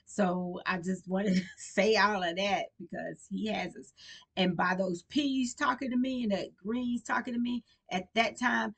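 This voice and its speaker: A woman speaks straight to her viewers in a casual vlog, her voice sitting slightly low. She rambles through her story with plenty of fillers and false starts, in relaxed, colloquial speech. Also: normal speed, creaky. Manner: rambling, with many fillers and restarts. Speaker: vlogger.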